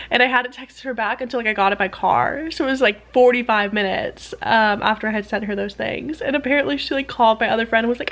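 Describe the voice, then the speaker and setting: Speaking directly to her vlog camera, a young woman and PhD student with a slightly high voice chats easily. She hurries through a story, saying "like" constantly and mimicking other people in sudden high, lively voices.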